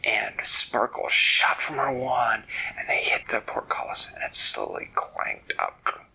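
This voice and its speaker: A man telling an improvised bedtime story in a soft, hushed voice, stopping to explain words. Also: mid-range voice, steady tone, slow pace, vocal fry, whispered, rough recording.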